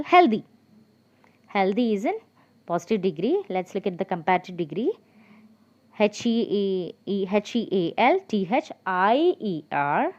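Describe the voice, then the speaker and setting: A woman's voice: fairly low pitch, a little mellow, muffled recording. A woman teaching an English grammar lesson, explaining patiently and spelling out words letter by letter, with frequent hesitations.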